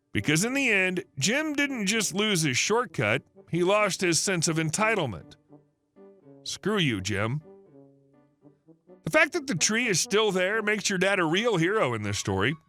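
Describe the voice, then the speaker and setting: A man's voice: high-pitched, pushed and bright. A man reading online stories aloud as the narrator of a channel, with a snarky, mocking delivery. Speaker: story narrator.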